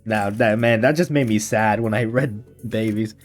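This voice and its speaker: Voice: medium pitch, normal speed, faint music behind. A streamer reading a game story aloud, with giggly, chatty asides. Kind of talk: casual game playthrough reading.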